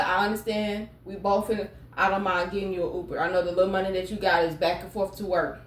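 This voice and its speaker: A woman's voice: medium pitch, little pitch movement, fast talker, few pauses, a little hiss or hum. Chatty, blunt woman reading tarot. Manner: chatty and blunt, swears freely. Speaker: tarot card reader. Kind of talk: casual tarot reading to camera. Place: room at home. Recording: echoey room, mic set far off.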